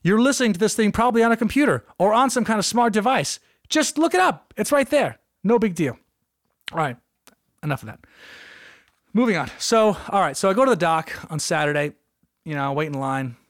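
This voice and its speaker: Solo podcast host, man, jokey rambler, higher voice, dry close mic. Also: fairly quick, no echo. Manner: rambling, jokey, animated, with frequent asides. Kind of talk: comedic solo podcast monologue.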